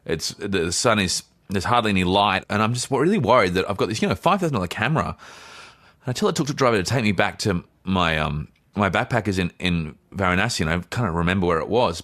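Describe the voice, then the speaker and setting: A man in his thirties, from Australia, co-hosting a podcast and telling a story in casual chat, animated and full of stammered restarts. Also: deep voice. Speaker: podcast co-host.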